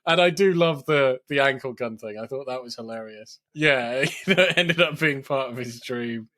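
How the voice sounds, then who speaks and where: A man with a voice of ordinary pitch chats casually on a film podcast. He keeps laughing and slips into quoting the dialogue of scenes he enjoyed. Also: moderate pace, pushed and bright. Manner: laughs often, retells scenes with quoted lines. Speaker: podcast co-host.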